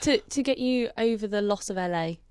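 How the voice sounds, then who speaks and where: A woman co-hosting a podcast in casual chat, chatty and quick to laugh and joke. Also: medium pitch, a little mellow, clean tone, no room sound, clean studio sound. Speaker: podcast co-host and stand-up comedian.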